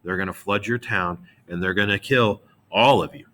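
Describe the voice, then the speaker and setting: A man's voice: on the low side, moderate pace, sharp tone. A man voicing a bold frontier commander, casually delivering threats and then offering terms of surrender. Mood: threatening. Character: bold male frontier commander bluffing enemy.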